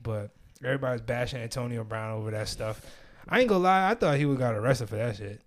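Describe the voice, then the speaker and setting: A man's voice: medium pitch, lively intonation, fast. A young man hosting a podcast, telling stories in casual chat with lots of slang and frequent laughter. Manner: loose slang-heavy storytelling, laughs often. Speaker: podcast host.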